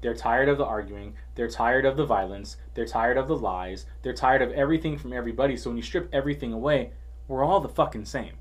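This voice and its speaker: Man, podcast conversation, heated, profane, stammering restarts, average pitch. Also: quick pace.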